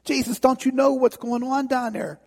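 A man's voice: very high voice, flat delivery, moderate pace, vocal fry, long reverb tail, pitched above the performer's own voice, heavily acted. A man voicing a terrified ordinary man who pleads and stammers in panic, in a sermon story. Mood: pleading.

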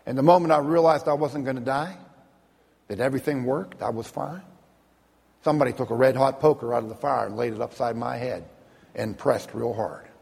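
A man's voice: mid-range voice, fairly quick, gravelly, a little mellow, slightly rough, big-room sound. A middle-aged man giving an earnest, plainspoken personal testimony, sometimes repeating words when moved. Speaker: speaker telling a personal testimony.

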